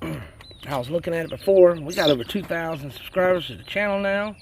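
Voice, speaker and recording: A man with a slightly high voice talks in a loose, rambling way, calling his viewers y'all. He is recording outdoors on a farm near his chickens, with faint rural noise in the background. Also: brisk. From South Carolina. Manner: folksy and chatty, says y'all a lot. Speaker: homesteading channel host. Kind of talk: casual rambling chat.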